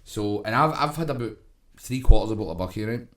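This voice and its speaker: A man's voice: lowish voice, lively intonation, fast talker. A man with a Glaswegian accent, a podcast co-host telling a rambling, sweary comic story and checking in with "right?".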